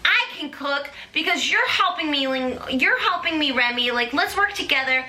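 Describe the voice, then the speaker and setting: A woman's voice: sits high, lively intonation, moderate pace, pushed and bright, echoey room, exaggerated voice, low-quality recording. A woman voicing an eager, clumsy young male cook who rambles earnestly. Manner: rambling, full of "like".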